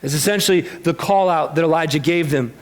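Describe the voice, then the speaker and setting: A man preaching a sermon as pastor, telling a Bible story in a lively, animated way and acting out the characters' lines. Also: on the high side, brisk. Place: church sanctuary.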